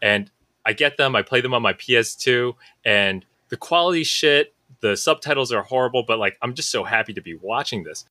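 Bright-voiced man telling animated stories. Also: mid-range voice, a little fast, no echo. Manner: animated storyteller, acts out quoted friends. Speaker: podcast co-host. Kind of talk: casual storytelling chat.

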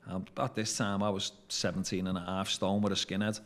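Scouse man, very low voice, casual swearing storyteller who acts out dialogue. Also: flat delivery, fairly quick, a bit bright. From Merseyside, England. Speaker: interview guest, former prisoner.

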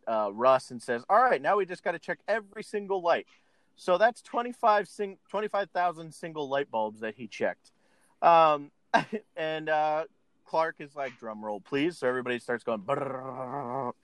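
A man's voice: mid-range voice, animated, unhurried, a bit bright, clean tone, no echo. A man casually retelling a film scene by scene, laughing often and acting out the characters' lines. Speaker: podcast co-host recapping a film. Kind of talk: casual chat.

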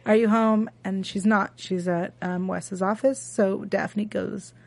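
A woman co-hosting a TV after-show, recapping an episode in casual chat and talking in halting bursts full of fillers and restarts. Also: medium pitch, fairly even intonation, vocal fry, no room sound.

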